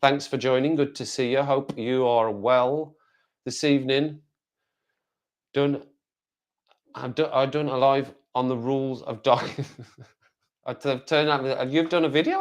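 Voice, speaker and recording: A man's voice: mid-range voice, steady tone, a little slow, pauses often. A man from the West Midlands with a Black Country accent, chatting casually on a live stream and rambling as he answers viewer comments. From West Midlands, England. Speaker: livestreamer.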